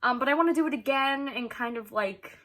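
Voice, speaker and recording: A woman's voice: sits high, fairly quick, a bit bright. A young woman chatting casually to her camera as a vlogger, rambling with many ums and frequent laughs.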